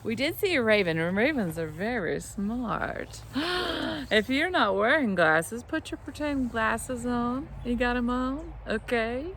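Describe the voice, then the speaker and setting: A woman teaching young children, slow and playful, her voice leaping lively between high and low. She talks in an encouraging, sing-song way, with faint ambient sound behind her. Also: slight background noise. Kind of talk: children's lesson with counting games.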